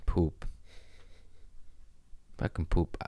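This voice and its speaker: A man hosting a podcast, telling rambling, profane, animated comic stories in casual chat. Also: drawn-out words, dry recording. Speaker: podcast host. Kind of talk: casual comedic storytelling.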